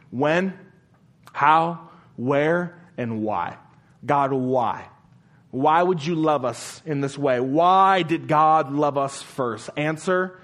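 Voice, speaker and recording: A male pastor delivers a sermon in a medium-pitched voice, repeatedly posing rhetorical questions. For emphasis, he drops into a quiet, slow delivery.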